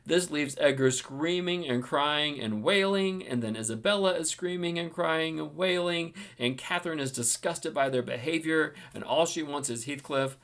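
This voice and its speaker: A man's voice: fairly high pitch, normal speed, hardly any pauses, fairly bright tone. A man hosting a book-reading channel, giving casual, enthusiastic commentary with frequent fillers.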